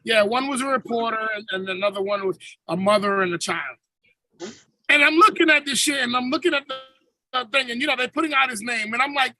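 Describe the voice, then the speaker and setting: High, gravelly man ranting profanely. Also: quick pace, bright, forceful tone, slight background noise, low-quality recording. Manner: profane, storytelling with swearing and slang. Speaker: podcast host. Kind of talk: casual comedic rant. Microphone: video call.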